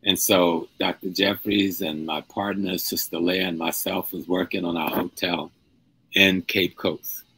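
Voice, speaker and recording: Husky deep-voiced older man telling a story. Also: fairly even intonation, unhurried, fairly bright tone, poor audio. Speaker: guest speaker. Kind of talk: storytelling in a live-streamed conversation.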